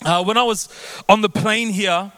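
A man in his thirties opens a sermon with a joking, playful manner, teasing the crowd. His voice sits a bit high and comes through smooth and clear on a stage mic. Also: fairly even intonation, moderate pace, bright, forceful tone, no echo. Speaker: guest pastor. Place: large church auditorium.

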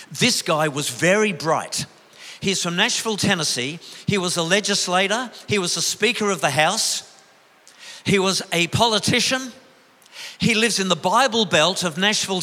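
An older man preaching a sermon as pastor, telling stories in a way that drops to a hush and builds to an emphatic rise. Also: high voice, in a large hall. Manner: emotive storytelling, swinging from hushed to rising emphatic.

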